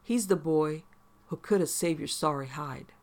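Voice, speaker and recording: A man's voice: a little high, unhurried. A man voicing a sadistic, grinning male deputy who taunts in a hillbilly drawl in a horror story. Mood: taunting.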